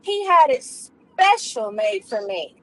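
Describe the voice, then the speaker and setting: A woman's voice: high-pitched, big pitch swings, slow, fairly bright tone, exaggerated voice, rough recording. A woman voicing a boastful lady who brags about her diamond ring, in a drawling, emphatic way.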